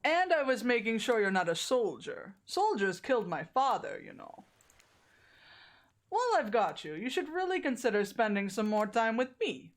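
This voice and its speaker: A woman's voice: on the high side, sing-song, moderate pace. Woman doing a Huntress with a hammy Russian accent. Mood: sly. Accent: mock Russian. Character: hulking female huntress killer, creepy yet sweet.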